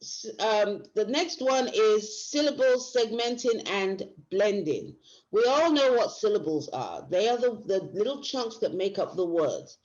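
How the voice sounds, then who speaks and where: A woman's voice: medium pitch, animated, a little slow, a little mellow. A woman teacher giving a workshop lecture, explaining step by step and often restarting her phrases. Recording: dull lo-fi recording.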